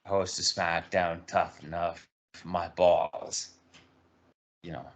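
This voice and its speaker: A man co-hosting a podcast, making dry, deadpan remarks in casual chat. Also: low voice, takes it slowly, lo-fi sound. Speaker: podcast co-host.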